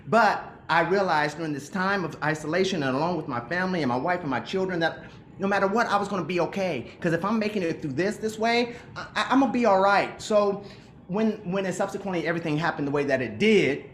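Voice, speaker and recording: Middle-aged guy on a video call, earnest and emotional, kinda high voice, echoey room with faint hum. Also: a little fast. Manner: earnest, emotional, many restarts. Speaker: actor, guest. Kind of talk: reflective interview talk. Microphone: remote video call.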